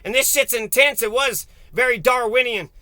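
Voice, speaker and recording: A man's voice: very high voice, normal speed, sharp tone, no echo. A man giving a crude, profane and mocking solo political rant. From United States. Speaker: political commentator.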